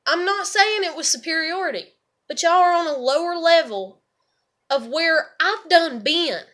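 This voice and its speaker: A woman's voice: very high-pitched, animated, unhurried, sharp tone. A woman rambling casually to camera, swearing freely and leaning on "you know" and "like.". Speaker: vlogger.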